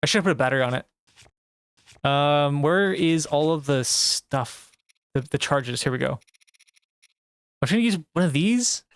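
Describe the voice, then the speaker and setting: A man's voice: a little high, animated, unhurried, pauses often, clean tone, no echo. A young man streaming a video game, talking to chat and getting frustrated, swearing and exclaiming at the game. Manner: talks back to chat. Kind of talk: live gameplay commentary.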